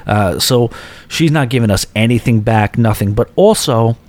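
A man hosting a podcast, telling a long personal story casually with animated asides and quick restarts. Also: medium pitch. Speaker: podcast host.

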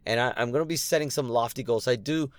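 A man's voice: medium pitch, fast talker. A man casually telling a rambling, self-deprecating story to his viewers, full of restarts and fillers. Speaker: comedy night producer and content creator.

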